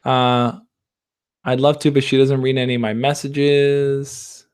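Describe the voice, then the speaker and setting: A young man hosting a livestream, reading out viewer questions and answering them in a relaxed, reassuring way. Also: mid-range voice, unhurried, clear, resonant tone. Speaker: dating advice host. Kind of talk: casual livestream chat.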